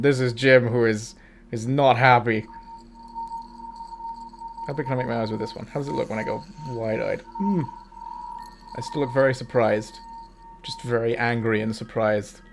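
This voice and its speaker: A male VTuber streamer talks casually to his viewers at an ordinary middle pitch. He is chatty and keeps slipping into giggles. Soft music plays faintly in the background. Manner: chatty and giggly, often breaking into laughter. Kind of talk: casual livestream chat.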